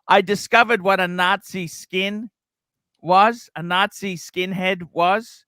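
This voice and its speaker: Man, livestream host, bright tense voice, smooth tone, dry close sound. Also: sits high, fairly even intonation, slow, no room sound. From Australia. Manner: rambling, many restarts. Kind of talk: casual livestream chat, reading donations.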